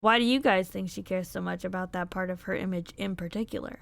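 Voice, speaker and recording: A woman's voice: fairly low pitch, fairly even intonation, quick pace, vocal fry, a bit bright. A woman commentating on a true-crime interrogation, analytical and opinionated.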